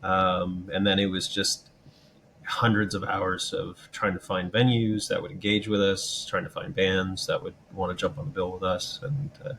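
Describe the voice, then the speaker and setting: A man with a very low voice talks through his band's touring plainly and calmly. He fills pauses with "um" and "you know". Faint noise sits under the recording. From Canada. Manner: steady, thoughtful, many "um" and "you know". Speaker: band member. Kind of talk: casual interview answers.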